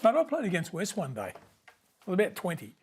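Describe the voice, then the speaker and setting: This Australian man in his sixties talks in a fairly high voice. He tells stories with a lot of energy, laughs easily and keeps saying mate. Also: quick pace, breathy edge. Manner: animated storyteller, laughs often, calls everyone mate. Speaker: podcast guest, former rugby league player. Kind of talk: casual chat.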